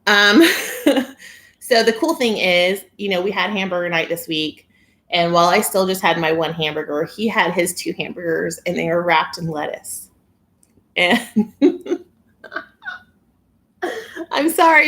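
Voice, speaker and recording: A woman's voice: on the low side, normal speed, gravelly, fairly bright tone. A woman hosting a casual live-stream chat on a phone camera, chatty and giggly as she reads viewer comments. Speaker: weight-loss vlogger hosting a live stream.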